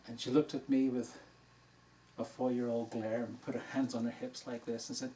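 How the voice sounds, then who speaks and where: An older man, a dharma teacher, telling a personal story to an audience in a relaxed, anecdotal way and laughing at his own tale. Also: medium pitch, moderate pace. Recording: distant mic in a room with faint noise.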